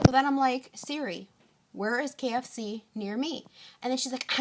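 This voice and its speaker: A young woman telling a story to her phone camera in a casual rant, tired and hungry, exasperated, acting out both sides of an argument in animated bursts and swearing often. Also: fairly high pitch, moderate pace, very noisy. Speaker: vlogger.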